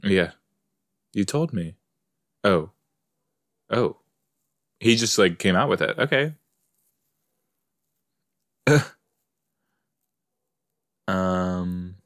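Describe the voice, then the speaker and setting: A man's voice: sits low, drawn-out words, long pauses, a bit bright. A man hosting a podcast, chatting casually and talking back at the screen as he watches an episode. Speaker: podcast host. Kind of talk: casual watch-along commentary.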